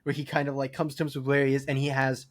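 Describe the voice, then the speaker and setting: A man's voice: medium pitch, monotone, quick pace. A man co-hosting a podcast in casual chat, enthusiastic and full of "like" fillers. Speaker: podcast co-host.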